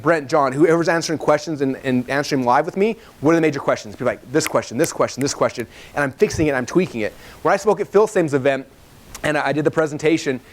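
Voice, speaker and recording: A man in his thirties teaching a live seminar to a room, fast and animated, acting out dialogue in his stories. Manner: fast, animated storytelling, acts out dialogue in higher voices. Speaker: webinar trainer.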